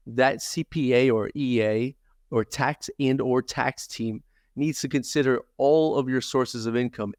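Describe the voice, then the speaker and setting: A man at a middle pitch lays out tax matters methodically, point by point, as a podcast guest. His voice sits close and dry, with no room around it. He sounds like a seasoned professional. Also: dry recording. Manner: steady, methodical explainer who lists examples. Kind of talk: podcast interview, explaining.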